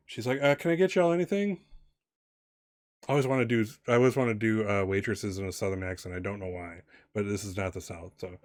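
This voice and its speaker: A man narrating as game master of a tabletop game, halting and often laughing. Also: fairly low pitch, no echo, studio quality. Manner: laughing, halting, many fillers.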